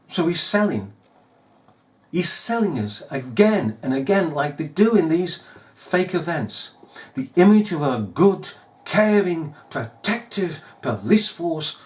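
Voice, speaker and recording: A man giving scornful, emphatic commentary over news footage, full of rhetorical questions. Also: on the high side. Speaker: video commentator.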